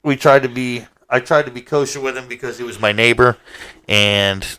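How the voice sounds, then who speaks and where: A man's voice: medium pitch, flat delivery, moderate pace, bright, forceful tone, no echo. Man telling a rambling, profane story. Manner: rambling, profane, laughs through his own story. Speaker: podcast co-host. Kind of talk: casual storytelling chat.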